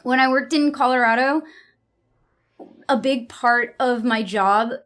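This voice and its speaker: Here a livestreamer, a young woman raised on America's East Coast, speaks to her viewers at a measured pace in a high, slightly bright voice. She's rambling and blunt, swears a lot, and keeps cutting herself off to begin a thought again.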